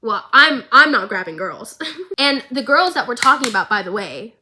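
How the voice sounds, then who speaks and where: A woman giving casual, excitable recap commentary, gushing and tossing in quick asides. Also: on the high side, background noise. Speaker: vlogger.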